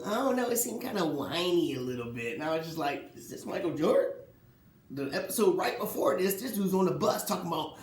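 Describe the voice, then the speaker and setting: Animated man ranting about sports, echoey room. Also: fairly high pitch, a little fast. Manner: animated, rhetorical questions, mocking quotes. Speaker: sports talk host. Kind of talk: casual solo sports commentary.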